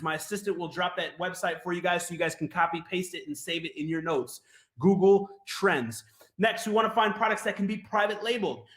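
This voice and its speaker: A man's voice: high voice, fairly bright tone. A man giving a sales-style webinar presentation, hyped and repetitive, urging listeners to write things down. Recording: echoey room.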